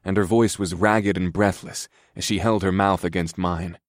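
A man narrating a story in the first person in a calm, steady, soft-spoken way. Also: deep voice, moderate pace, dry recording, clean studio sound.

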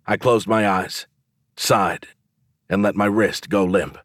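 Man reading a fantasy audiobook, lowish voice, dead dry studio sound, calm and thoughtful. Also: slow, dry recording. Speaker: audiobook narrator. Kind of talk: first-person fantasy audiobook narration.

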